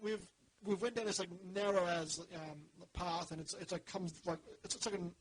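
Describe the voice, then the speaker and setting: A man's voice: high voice, normal speed, a crowd in the background, low-quality recording. An Australian man hosting a podcast, rambling through a story with many restarts in casual chat. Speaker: podcast host.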